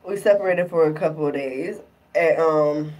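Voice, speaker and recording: A young woman telling a breakup story to camera in a loose, animated way, swearing as she acts out both sides of each argument. Her voice sits a little low, and she sounds somewhat far from the microphone. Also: normal speed. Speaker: vlogger. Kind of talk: casual storytelling vlog.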